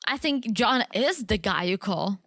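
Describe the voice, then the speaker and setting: A woman's voice: mid-range voice, lively intonation, measured pace, creaky, a bit bright, no echo. A woman co-hosting a podcast, chatting casually and sarcastically while recapping a reality show. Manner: sarcastic, laughs often. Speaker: podcast co-host.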